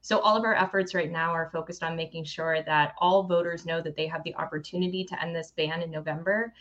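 Female advocate guest, low and steady, dull call-in sound. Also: fairly quick. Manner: steady, practiced talking points. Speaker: campaign director, guest. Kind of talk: advocacy interview answers.

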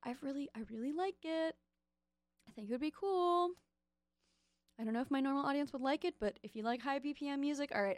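A young woman radio host talks in a loose, giggly, self-interrupting ramble. Her voice sits high, and the studio sound is dry and close with no room around it. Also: darkish tone, no room sound. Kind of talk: casual radio DJ chat with event listings.

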